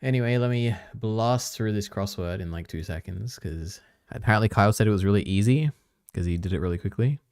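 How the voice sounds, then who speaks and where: Low-voiced man mumbling through a stream. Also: a little fast, darkish tone, no echo, clean studio sound. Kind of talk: casual live-stream commentary.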